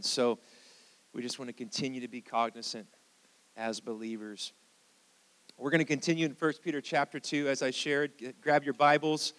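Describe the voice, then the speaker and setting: A man with an American accent, a pastor preaching a sermon in church and leading prayer, moving between hushed prayer and fervent calls to the congregation. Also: mid-range voice, fairly even intonation, normal speed, big-room sound, rough recording. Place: church sanctuary.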